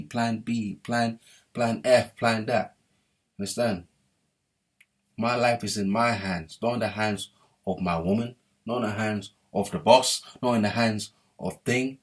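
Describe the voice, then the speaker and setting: A man's voice: on the low side, steady tone, unhurried. A young man giving an emphatic, repetitive motivational monologue, often checking in with "yeah?". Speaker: motivational speaker. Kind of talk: preachy monologue to camera.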